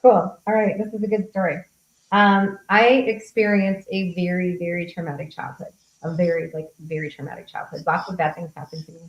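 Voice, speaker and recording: A woman's voice: on the low side, steady tone, brisk, roomy sound, highs cut off. A woman coach speaking frankly and casually, answering questions at a group meetup, with casual swearing. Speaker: host and coach.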